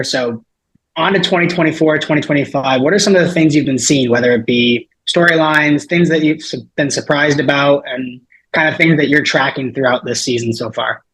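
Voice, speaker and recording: A man's voice: medium pitch, fairly bright tone, husky, rough recording. A man hosting a podcast, asking a guest questions in a casual way, searching for words as he goes. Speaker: podcast host.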